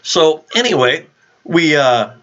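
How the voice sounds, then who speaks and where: A man hosting a vlog, telling an animated, rambling anecdote with lots of restarts, on a dull lo-fi recording. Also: a little high, slow. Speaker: vlog host. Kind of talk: casual storytelling chat.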